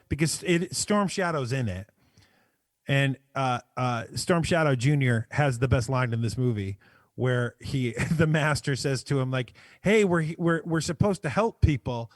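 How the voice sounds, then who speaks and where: A man's voice: on the high side, dry recording, studio quality. A man co-hosting a casual movie podcast, agreeable and a bit hesitant. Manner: relaxed, agreeable, hesitant fillers. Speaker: podcast co-host.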